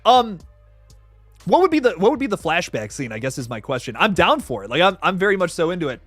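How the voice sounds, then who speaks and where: A young man hosting a casual livestream, reading viewer comments with excitable energy, laughing often and restarting his sentences. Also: sits high, fast talker, no room sound, soft background music. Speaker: livestream host reading chat.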